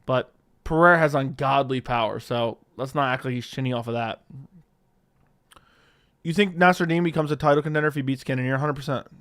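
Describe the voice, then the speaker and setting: A man's voice: medium pitch, a little fast, fairly bright tone. A man hosting a live stream, casually reading viewer questions aloud and answering offhand, swearing freely into a studio mic. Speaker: livestream host. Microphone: studio dynamic mic.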